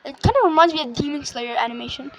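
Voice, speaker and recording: A woman's voice: high voice, fast talker, fairly bright tone, rough recording. A woman casually retelling a movie plot, rambling with fillers and restarts.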